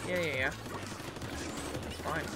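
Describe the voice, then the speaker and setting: A woman with a low voice, speaking slowly, casually narrates her online game as she plays, chatting and reacting out loud to the match. She's a gaming streamer, and game music plays behind her over heavy background noise.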